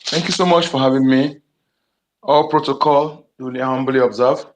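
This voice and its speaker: A man's voice: mid-range voice, steady tone, moderate pace, noisy background. A man with a Nigerian Igbo accent speaking in an online discussion, emphatic and repetitive, with frequent restarts. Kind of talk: impassioned political talk.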